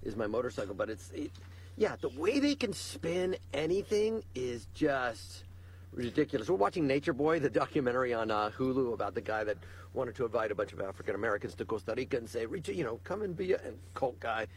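A man's voice: medium pitch, lively intonation, fairly quick, slight background noise. A male co-host in casual political chat, exasperated and sarcastic.

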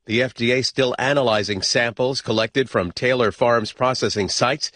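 A man anchoring a newscast, reading headlines in a measured, crisp way into a studio microphone. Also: mid-range voice, fairly bright tone. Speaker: news anchor.

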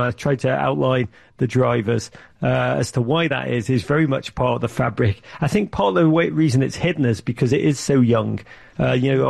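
A man talking about his media business in an interview, telling stories with lively acted-out quotes. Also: mid-range voice, creaky. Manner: animated storyteller, acts out quotes. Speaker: media network founder, guest. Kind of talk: conversational interview.

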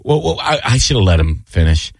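A middle-aged man hosting a radio show in casual banter, animated, jokey and swearing freely. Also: fairly low pitch, brisk, gravelly, no room sound, studio quality.

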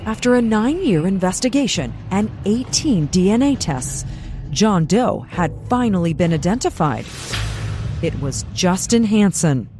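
A woman correspondent giving measured, dramatic scripted documentary narration. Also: medium pitch, sing-song. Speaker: TV news correspondent. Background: music underscore.

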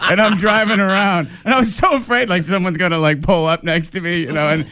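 A man's voice: high voice, steady tone, fast, bright, forceful tone. A man, a comedian, telling anecdotes in a radio studio interview, rambling along, laughing and acting out voices. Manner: rambling storyteller, laughs often and acts out voices. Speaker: comedian guest.

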